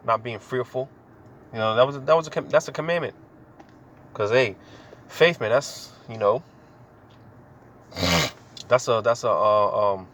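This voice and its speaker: Man, casual scripture commentary, slangy and relaxed, lots of filler words, faint car hum behind. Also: medium pitch. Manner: laid-back, slangy, full of "man" and "you know" fillers. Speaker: scripture teacher. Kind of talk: informal scripture reading and commentary.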